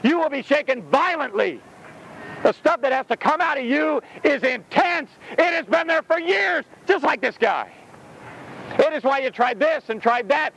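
A man's voice: extremely high pitch, expressive, normal speed, vocal fry, fairly bright tone, rough recording. A man preaching an intense, exclaiming sermon, laughing now and then between points. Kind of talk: fiery sermon.

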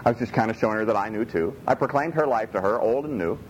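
A man preaching a sermon in a folksy, animated way, repeating his phrases for emphasis. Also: lowish voice, fast, lo-fi sound, slight background noise. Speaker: pastor.

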